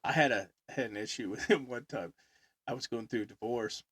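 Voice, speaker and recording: A man's voice: medium pitch, a little fast, a bit bright, husky, no echo. A middle-aged man co-hosting a podcast, telling rambling stories and laughing often, with close, dry sound. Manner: rambling anecdotes with lots of laughter and acted quotes. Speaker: podcast co-host. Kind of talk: casual chat, storytelling.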